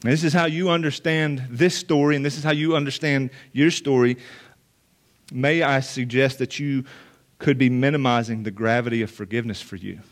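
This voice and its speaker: A man's voice: mid-range voice, fairly even intonation, moderate pace. A male pastor preaching a sermon to a room of listeners, earnest and emphatic, repeating phrases for weight. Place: church or meeting room with listeners.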